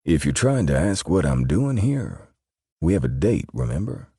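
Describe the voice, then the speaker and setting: A man voicing a deep-voiced male love interest with a whiskey-rough baritone and a hushed, teasing drawl. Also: lively intonation, moderate pace, dry recording, studio quality, full character voice. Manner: teasing, gentle.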